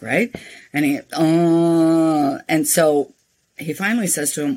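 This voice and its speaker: An older woman, a nonprofit founder, speaking as an interview guest and telling frank, animated stories. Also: low-pitched, slow pace. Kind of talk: interview storytelling.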